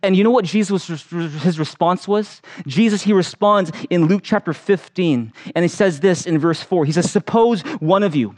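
A male pastor with a high voice delivers a sermon, turning lively and animated when he tells personal stories. He acts out the voices of the people in his anecdotes. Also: normal speed, hardly any pauses.

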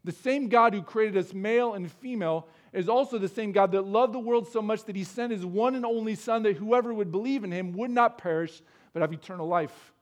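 A man's voice: high voice, fairly quick. A man preaching a sermon, earnest and explanatory, asking his listeners rhetorical questions. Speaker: pastor.

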